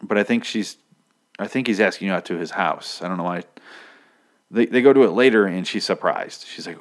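A man with a very low voice talks his way through a TV episode in a loose, off-the-cuff recap. He swears freely and drifts into joking side comments as he goes. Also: moderate pace. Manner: rambling and profane, with joking asides.

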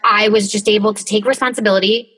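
A woman's voice: mid-range voice, fairly even intonation, fast, a bit bright, breathy edge, low-quality recording. A woman co-hosting a podcast, talking in a candid, emotional way, full of filler words and swearing freely, recorded from a closet. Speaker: podcast co-host. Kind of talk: casual conversation.

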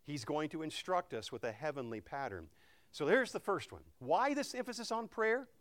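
Expressive male preacher with lively pitch. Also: normal speed. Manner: expressive preaching, repeats key phrases, varies volume for emphasis. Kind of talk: sermon.

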